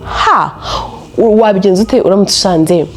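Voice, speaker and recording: A young woman telling a story to camera in a casual vlog, animated and laughing often as she switches between Kinyarwanda and English. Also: mid-range voice, normal speed. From Rwanda. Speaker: storytelling vlogger.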